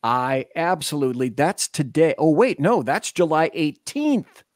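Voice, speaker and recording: A man's voice: fairly high pitch, big pitch swings, a little slow, no room sound, clean studio sound. A man on a political panel, reading a news article aloud in a casual way.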